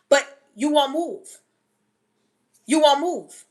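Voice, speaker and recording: High, bright-voiced woman preaching loudly. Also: animated, takes it slowly, pauses often. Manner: yelling and emphatic, banging on the table; rhetorical questions to listeners. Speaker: live-stream preacher. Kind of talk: impassioned live-stream preaching.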